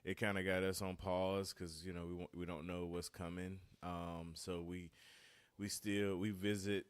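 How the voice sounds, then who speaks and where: A man talking casually as a podcast guest, relaxed and repeating words as he gathers his thoughts. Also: sits low, moderate pace, clear, resonant tone, no room sound. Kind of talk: casual conversational interview.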